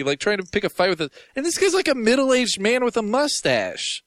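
Lively chatty podcasting man. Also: high voice, brisk, few pauses, dry recording. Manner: chatty storyteller, laughing often. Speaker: podcast co-host. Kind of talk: casual podcast chat.

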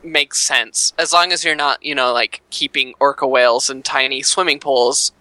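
A man co-hosting a podcast, rambling in relaxed casual chat. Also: mid-range voice, normal speed, no room sound. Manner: rambling, laid-back, many fillers. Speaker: podcast co-host.

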